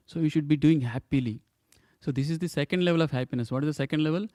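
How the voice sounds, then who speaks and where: A man's voice: fairly high pitch, lively intonation, fast talker, hardly any pauses, darkish tone, no room sound, clean studio sound. A man giving a temple scripture class, emphatic, repeating points and asking rhetorical questions.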